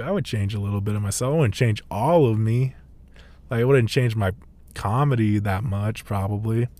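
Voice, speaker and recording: A man's voice: on the low side, darkish tone. A young man hosting a podcast, rambling in casual talk, packing his speech with "like" and swearing freely. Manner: rambling, full of "like", laughs often and swears freely. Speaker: podcast host.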